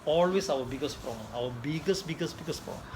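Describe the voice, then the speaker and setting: A man telling a story in a sermon, animated, acting out voices and laughing often. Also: on the high side, brisk. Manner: animated, mixes Tamil and English, acts out voices, laughs often. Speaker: preacher. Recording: noisy ambience behind.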